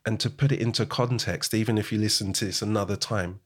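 A man's voice: on the low side, steady tone, fast talker. A man hosting a casual interview, encouraging his guest with frequent affirmations. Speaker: podcast host.

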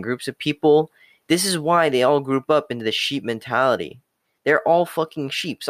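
A young self-improvement talker delivers a blunt, profane motivational rant, leaning on catchphrases like "okay" and "the hard truth." His medium-pitched voice is a bit bright and clean, recorded in a studio with no room sound.

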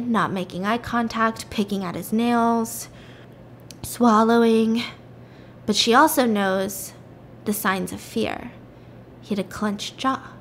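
A woman's voice: a little high, slight background noise. A woman podcast host casually recapping a film, chatty and swearing, with lots of fillers.

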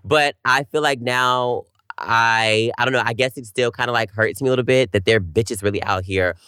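A man's voice: medium pitch, normal speed, sharp tone, clean tone, no room sound, studio quality. A young man from North Carolina co-hosting a casual chat, candidly telling stories and acting out what people said. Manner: candid, storytelling with acted-out quotes. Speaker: podcast co-host.

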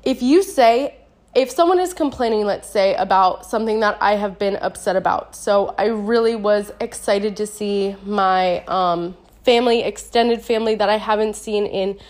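A woman's voice: medium pitch, moderate pace, a little mellow. A young woman hosting her own podcast in casual, chatty talk, with a stuffy, nasal voice from a cold, laughing often and saying "like" a lot. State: congested, nasal voice. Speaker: podcast host.

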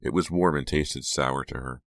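Deep-voiced man narrating an audiobook. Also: normal speed, fairly bright tone, no room sound.

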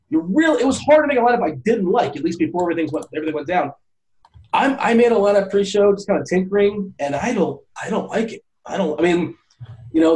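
Fast-talking man on a podcast. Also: a little high, darkish tone, poor audio. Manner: rambling, restarts often, laughs a lot. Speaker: podcast co-host. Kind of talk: casual podcast chat.

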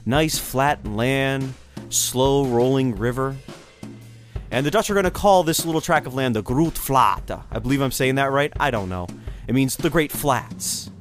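A man hosting a history show, telling the story in a loose, conversational way with speculative asides. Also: medium pitch. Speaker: history podcast host. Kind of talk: casual history lecture.

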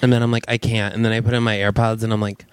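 A man co-hosting a comedy podcast, making wry, deadpan quips while improvising a story. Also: fairly low pitch, rapid-fire, clean tone, dry recording. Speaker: podcast co-host.

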